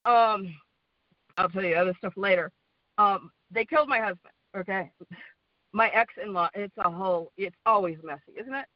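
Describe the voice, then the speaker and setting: A woman's voice: mid-range voice, no echo. Woman, Western American accent, caller, rambling, exhausted, muffled dry phone audio. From United States. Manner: rambling, repeats herself, many fillers and tag questions. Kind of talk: call-in testimony on a community prayer call. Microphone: phone line.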